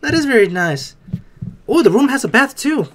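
A man hosting a reaction video, talking casually and excitedly to himself with frequent exclamations and restarts. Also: very high voice, normal speed.

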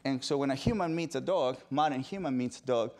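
A man giving an animated storytelling talk at an event, now and then acting out excited dog lovers in high squealing voices. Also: fairly quick. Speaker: dog behaviorist speaker. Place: event stage.

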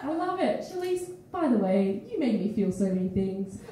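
A woman's voice: mid-range voice, moderate pace. A young Australian woman, tired and phlegmy, chatting frankly with a live audience between poems, swearing and laughing as she goes. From Perth, Australia. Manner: animated, frank, swears often, laughs mid-sentence. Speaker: feature poet. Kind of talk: casual stage banter. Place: small indoor studio venue with live audience. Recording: echoey room, mic from far off.

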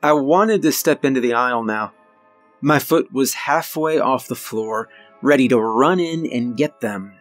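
A man narrating a scripted horror story in the first person, with measured, suspenseful delivery and dramatic pauses. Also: medium pitch, faint music behind.

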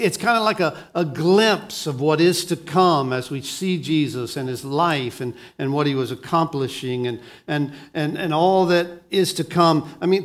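Delivering a sermon in a voice on the high side, the pastor swings from quiet passages to forceful ones. He frequently repeats words as he launches into each new thought.

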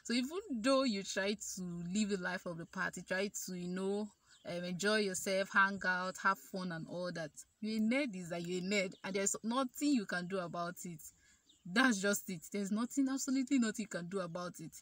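The recording is dry as the young adult Nigerian woman, medium-pitched and speaking at normal speed, shares a personal story on her vlog. She stays chatty, full of fillers, and animated when quoting others, with her Nigerian accent clear.

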